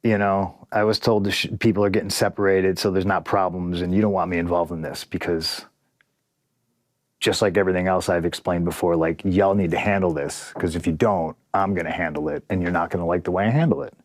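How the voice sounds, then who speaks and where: Low-voiced man telling a blunt backstage story. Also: fairly even intonation, fairly quick, dry recording, studio quality. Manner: rambling, profane, restarts often, quotes others in dialogue. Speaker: interview guest, wrestler. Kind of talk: candid interview storytelling.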